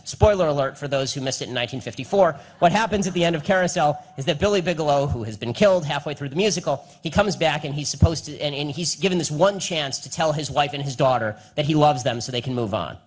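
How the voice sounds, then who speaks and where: A young man giving a combative live speech and answering audience questions, with rapid, repetitive emphasis. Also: on the high side.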